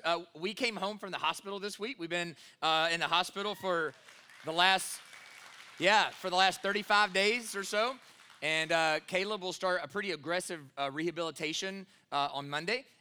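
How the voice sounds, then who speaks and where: Bright-voiced man preaching a sermon. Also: a little high, clear, resonant tone. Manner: conversational storytelling with many fillers, rising to emphatic. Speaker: pastor.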